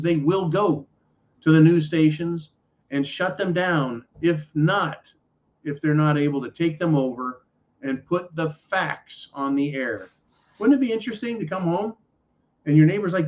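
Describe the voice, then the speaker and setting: Ranting male podcast host, lo-fi sound. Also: a little high. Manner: rambling, profane, sarcastic. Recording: dull lo-fi audio.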